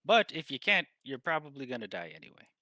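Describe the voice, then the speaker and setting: A short, haughty captain with a blunt, brusque way of striking a deal, as a game master puts him on. His voice is bright and jumps around in pitch. It sounds dry and close. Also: big pitch swings, quick pace, no echo.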